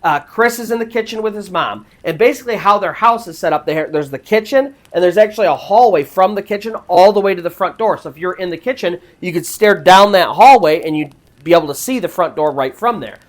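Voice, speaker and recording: A woman's voice: lowish voice, expressive, fairly quick, few pauses. A woman narrating a true paranormal story in a casual, chatty way, with many fillers like "like". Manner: chatty retelling with frequent "like" fillers. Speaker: storyteller host.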